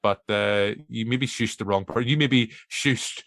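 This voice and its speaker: A middle-aged Northern Irish man hosts a film podcast in a loose, rambling chat, poking fun at himself as he goes. His voice sits a little low, and the sound is dry and close. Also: measured pace, vocal fry, fairly bright tone, no room sound. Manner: chatty, rambling, self-mocking. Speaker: podcast host. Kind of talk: casual chat.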